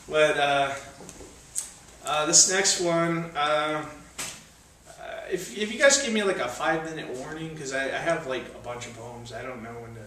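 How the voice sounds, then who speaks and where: A man's voice: on the high side, moderate pace, pushed and bright. A young man at a cafe open mic who reads his poems with rising intensity and talks between them in a loose, hesitant way. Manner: intense declaiming readings, hesitant casual asides between poems. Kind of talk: spoken word poetry reading. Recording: very echoey room, mic from far off, faint noise.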